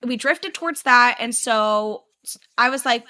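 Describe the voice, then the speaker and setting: Young woman podcast cohost, high bright voice, animated story-telling. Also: moderate pace. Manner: animated storytelling, acts out her own past yells. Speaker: podcast co-host. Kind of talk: casual chat.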